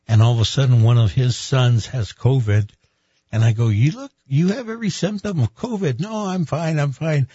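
Husky middle-aged pastor telling a story. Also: male voice, fairly low pitch, no room sound. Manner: lively storyteller who acts out quoted voices. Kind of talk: recounting a personal story in an interview. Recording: dull, dry, slightly muffled recording.

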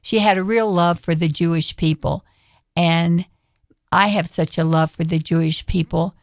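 A woman guest in a radio studio, speaking in a slow, earnest way with pauses. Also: lowish voice, fairly even intonation, dry recording. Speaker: guest performer. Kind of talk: radio interview.

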